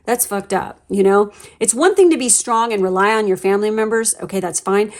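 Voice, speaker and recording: A woman giving a pick-a-card tarot reading in a blunt, emphatic manner, swearing freely and using many fillers. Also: medium pitch. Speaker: tarot reader.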